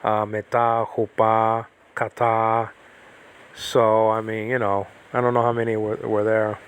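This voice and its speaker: In a lowish, monotone, clean voice, a man unhurriedly teaches biblical Greek over a livestream from his self-built cement-block home in the middle of a typhoon. The lesson is loose and talkative, with frequent digressions and gaps filled by ums and restarts.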